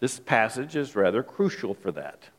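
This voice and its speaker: A man's voice: mid-range voice, big pitch swings, normal speed. Man preaching in a reverberant hall. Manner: emphatic, repeats words while thinking aloud. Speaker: pastor. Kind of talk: expository sermon.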